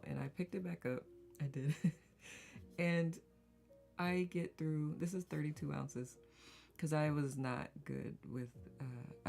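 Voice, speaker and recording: A woman's voice: a bass voice, gravelly, warm tone. A woman hosting a casual live-stream circle, chatting, reading viewer comments aloud and laughing often in rambling asides. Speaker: host of a live community circle.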